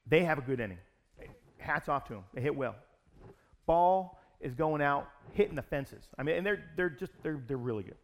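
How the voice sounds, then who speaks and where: A pastor telling a personal story in a sermon, in an animated, conversational way. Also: male voice, on the high side, normal speed.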